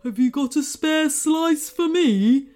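Grumbling dragon voiced by a woman, sleepy, loud, storybook creature. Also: takes it slowly, faint music behind. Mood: eager. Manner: grumbling, booming.

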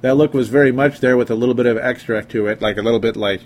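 A man's voice: medium pitch, steady tone, quick pace, hardly any pauses, darkish tone, a little hiss or hum. A young man giving casual, sarcastic sports commentary from home. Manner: exasperated, sarcastic.

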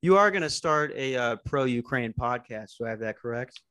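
Male podcast host from Arizona, mid-pitched, deadpan and crude, on a call. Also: normal speed. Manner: joking, deadpan crude humor. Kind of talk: crude casual podcast banter. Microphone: online call.

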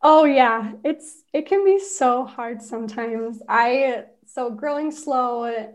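A woman's voice: on the high side, slow pace. A woman from Utah, a podcast guest, telling personal stories in casual conversation and laughing often as she talks.

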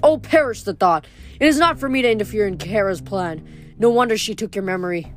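A woman's voice: medium pitch, animated, brisk, faint music behind, natural voice. A woman reading the part of a haughty, amused older male wind god who relishes his power. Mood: mocking.

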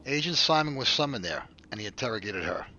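An actor playing a confident lieutenant who briefs his team and runs an interrogation in a brisk, commanding way. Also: medium pitch, animated, sharp tone, dull audio, a little hiss or hum. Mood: briefing. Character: confident male defense force lieutenant.

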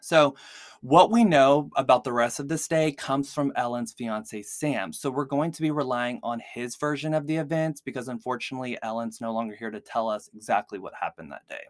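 Male podcast host, mid pitch, casual filler-heavy storytelling, dry recording. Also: fairly quick, dry recording. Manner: chatty, heavy use of "like" fillers. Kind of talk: casual true-crime storytelling.

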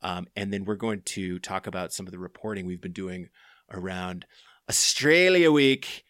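A man's voice: sits low, normal speed, fairly bright tone, no room sound, clean studio sound. A man hosting a podcast from his home office, talking in a loose, rambling way. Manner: loose and rambling, with many fillers. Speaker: podcast host. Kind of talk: casual podcast chat.

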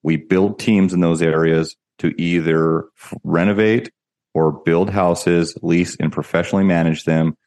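A man speaking as an interview guest, explaining things in a steady conversational way with frequent restarts. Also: low-pitched, a little slow. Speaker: guest, real estate company founder.

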